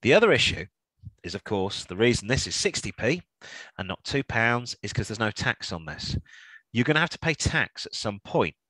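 A man co-hosting a chatty car podcast, his pitch bouncing up and down as he jokes and rambles. His tone is bright and forward. The sound is dry and close. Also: sing-song, normal speed, dry recording. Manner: chatty, jokey, rambling with restarts. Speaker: podcast co-host. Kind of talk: casual chat.

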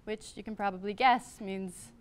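Clear-voiced woman lecturing. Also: mid-range voice, fairly even intonation. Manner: measured, with brief asides. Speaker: classics professor giving a public lecture. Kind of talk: academic lecture, partly read from a script. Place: lecture hall.

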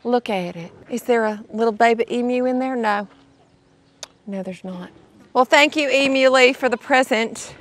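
Cheerful kids' show host, woman, high voice, outdoors at a sanctuary, faint animals behind. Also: normal speed, slight background noise. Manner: cheerful, sing-song, addresses viewers as "y'all". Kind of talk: children's educational presenting.

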